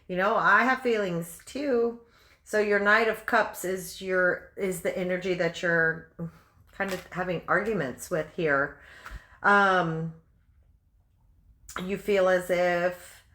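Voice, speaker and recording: A woman's voice: lowish voice, fairly bright tone, roomy sound. A woman giving a casual tarot reading at her table at home, chatty and blunt, firing off rhetorical questions and calling the listener honey. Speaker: tarot reader.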